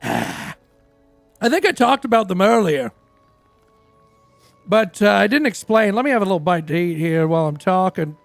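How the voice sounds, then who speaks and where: A man voicing a boastful, foul-mouthed rock frontman from a roleplay game stream, with a high, gravelly voice. He rambles in character, trips over fillers and brags without pause. The sound is close and dry, with no room around it. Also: animated, no room sound, soft background music. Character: crude, boastful male rock singer.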